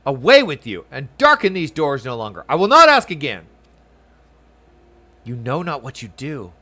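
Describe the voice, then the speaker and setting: A man's voice: medium pitch, expressive, brisk, sharp tone. Guy reading a stiff gate guard, formal old-timey talk, brushing people off. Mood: dismissive. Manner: formal old-fashioned speech, dismissive. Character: stern male city gatekeeper, curt and unyielding.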